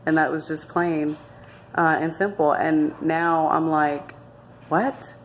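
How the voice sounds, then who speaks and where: A young woman with a low voice tells her own story in a candid, unscripted way. She speaks earnestly and emphatically, often stopping to restart her sentences. A faint hiss sits under her voice. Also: flat delivery, slow. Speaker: vlogger sharing her life story. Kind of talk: candid personal testimony.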